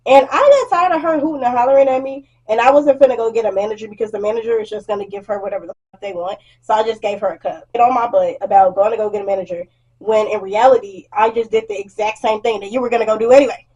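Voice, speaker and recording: A young woman vlogger telling a blunt, animated storytime rant about work, acting out what customers said and swearing freely. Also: mid-range voice, quick pace, breathy edge, lo-fi sound.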